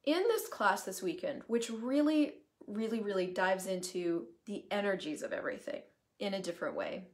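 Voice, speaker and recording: A woman hosting a casual live stream, talking in an animated way with the odd swear word and drifting into asides, in the middle of her usual pitch range. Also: normal speed. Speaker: host, coaching facilitator.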